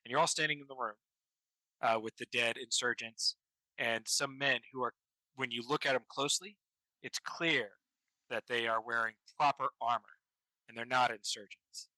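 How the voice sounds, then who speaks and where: A man running a tabletop game as game master, narrating in a halting way with many ums and restarts. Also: mid-range voice, fairly even intonation, sharp tone, dry recording, low-quality recording.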